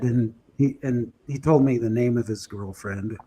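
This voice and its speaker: A male guest telling an anecdote in an animated, chuckling way. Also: mid-range voice, a little slow, hardly any pauses. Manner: lively, chuckling, breathless storytelling.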